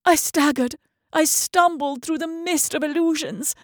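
A woman narrating a first-person horror story dramatically, at times dropping into hushed whispers. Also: sits high, measured pace, no room sound, clean studio sound.

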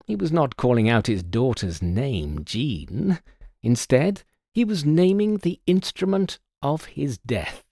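A man's voice: medium pitch, sing-song, slow, mellow, no echo, clean studio sound, pitched above the performer's own voice, exaggerated voice. A man voicing a brilliant older male detective who explains in a precise, authoritative way. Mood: assured.

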